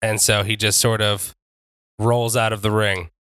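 A man narrating his character's actions in a tabletop game, in a relaxed storytelling way. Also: fairly low pitch, measured pace, clean tone, no echo. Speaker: player.

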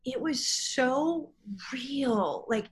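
A woman's voice: high voice, animated, drawn-out words, rough recording. A middle-aged woman in casual podcast chat, telling a story in an emotional, rambling way.

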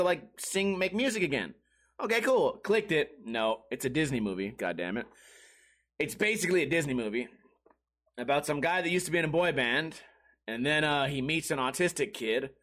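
A man with a high-pitched voice hosts a solo comedy podcast, talking casually and rambling from one gripe to the next. His delivery is profane and sarcastic, and he keeps slipping into mocking voices. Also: fairly bright tone. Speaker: podcast host.

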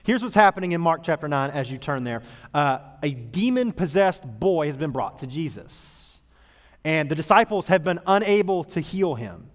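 A man preaching as a youth pastor in a church auditorium, talking in a casual, earnest way that moves from loud emphasis to hushed tones. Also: fairly high pitch, expressive, normal speed. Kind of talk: sermon to youth group. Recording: long hall reverb.

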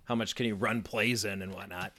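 A man's voice: on the low side, steady tone, a little fast, fairly bright tone, no echo. A man co-hosting a casual sports podcast. His voice sounds dry and close, and he thinks aloud while hedging his takes. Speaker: podcast co-host.

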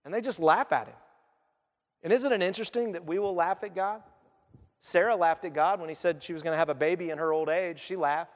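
A man preaching a sermon in a conversational, animated storytelling manner. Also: high voice, a little fast. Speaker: pastor. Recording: long church reverb.

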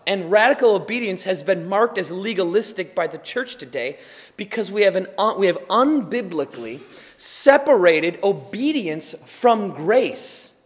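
A tired man preaching as a pastor, earnest and swinging from quiet to loud emphasis. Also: high voice, big-room sound. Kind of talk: sermon.

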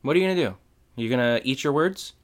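A man co-hosting a relaxed podcast, recapping an episode with his partner. His voice sits at an ordinary middle pitch. He keeps up playful, teasing jokes as he talks. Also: fast. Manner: joking and teasing, playful asides. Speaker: podcast co-host. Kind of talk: casual chat recapping a TV episode.

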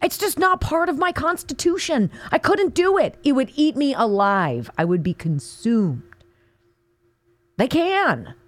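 A woman hosts a political talk radio show with an American accent, her voice sitting high and leaping around as she mocks and rails. She's emphatic and sarcastic, close on a studio mic with a dry sound. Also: big pitch swings, unhurried, dry recording. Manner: indignant, sarcastic, emphatic, mocking.

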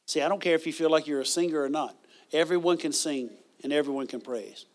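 High-voiced man preaching a sermon. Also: fast talker. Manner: conversational preaching with bursts of loud praise. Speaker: pastor.

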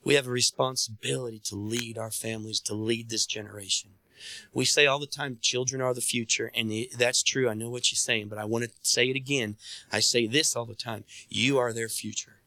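A man's voice: mid-range voice, fairly even intonation, brisk, pushed and bright, no echo. A man preaching a sermon as pastor, calling on his listeners to respond and repeat after him. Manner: preaching, calls on the congregation to respond.

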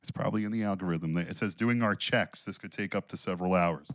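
A man's voice: low-pitched, quick pace, no echo. A man co-hosting a podcast in casual banter, rambling and swearing, getting over a cold. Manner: rambling, profane, laughs often. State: recovering from a cold. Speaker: podcast co-host.

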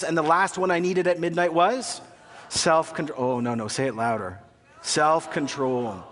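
A man in his thirties preaching a sermon as a pastor, telling a family story with animated, self-mocking humor. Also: on the high side. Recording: long hall reverb.

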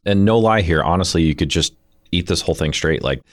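A man's voice: deep voice, brisk, no echo. A man hosting a radio show, interviewing a guest in the studio and tasting food on air with chatty enthusiasm. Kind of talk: casual interview. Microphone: studio microphone.

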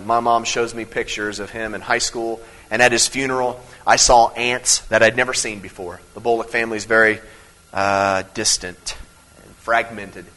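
A man preaching an evening sermon in an earnest, conversational way, moving between emphatic teaching and quiet personal stories. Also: lowish voice, poor audio. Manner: earnest, conversational preaching with many restarts and fillers. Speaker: pastor.

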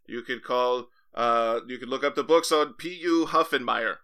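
Brief: male actor as a pompous professor, snippy, fake accent, bright and crisp. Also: mid-range voice, moderate pace. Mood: haughty. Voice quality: odd put-on accent. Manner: snippy, defensive, blames his accent. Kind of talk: improv comedy.

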